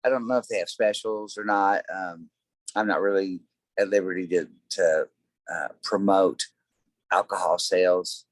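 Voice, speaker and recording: A very deep-voiced man speaks as a guest in a relaxed interview, his talk full of "uh" and "you know" as he rambles through stories. The sound is dry and close, with no room behind him. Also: moderate pace, dry recording, poor audio. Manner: rambling storyteller, many fillers. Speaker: guest, tribute band singer. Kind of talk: casual interview chat.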